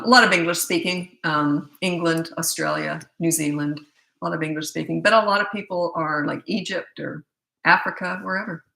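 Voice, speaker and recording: Brisk, direct Canadian woman coaching parents. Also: fairly low pitch, creaky, pushed and bright. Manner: brisk, direct, reads viewer questions aloud. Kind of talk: live Q&A, casual advice. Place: room at her computer. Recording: echoey room.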